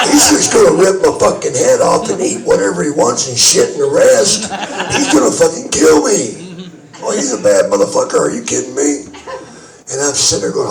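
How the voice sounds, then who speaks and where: Gravelly-voiced man, profane and laughing, told from far back in an echoey room with a crowd behind. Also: medium pitch. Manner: profane, laughing, rambling storyteller. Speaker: storyteller. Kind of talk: crude anecdote told to an audience.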